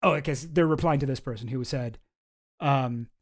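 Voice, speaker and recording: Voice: medium pitch, moderate pace. Rambling, sarcastic livestream commentator. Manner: rambling and sarcastic, frequent swearing and restarts. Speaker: streamer reacting to news files. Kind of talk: casual stream commentary.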